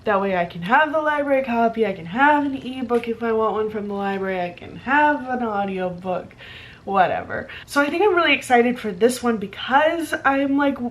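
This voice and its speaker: A woman's voice: on the high side, lively intonation, moderate pace. A young woman vlogging casually about her reading, chatty and rambling with lots of fillers. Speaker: book vlogger. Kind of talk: casual vlog chat.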